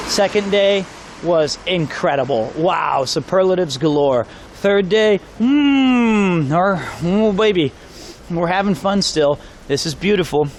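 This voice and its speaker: A man's voice: a little high, slight background noise. A man chatting casually to his live-stream audience while walking around town, rambling and joking with chat. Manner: rambling, jokey, talks to chat. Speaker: IRL streamer. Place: outdoors on city streets.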